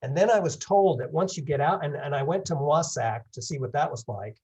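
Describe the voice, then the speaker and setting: Speaking a little fast in a fairly high, husky voice with a darkish tone, a guest speaker from England in his seventies gives a good-humored, rambling talk with questions over a video call. He corrects himself often and shows wry humor. The recording quality is low.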